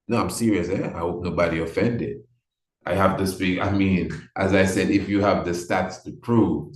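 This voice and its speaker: Deep-voiced male host, earnest and insistent, recorded in a reverberant room. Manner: earnest, repeats himself for emphasis. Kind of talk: impassioned livestream talk.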